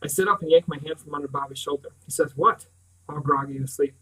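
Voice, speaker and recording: A man reading a first-person novel aloud in a measured way, often sinking to a hushed, intimate tone. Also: on the high side, fairly even intonation, breathy edge, poor audio. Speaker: audiobook reader.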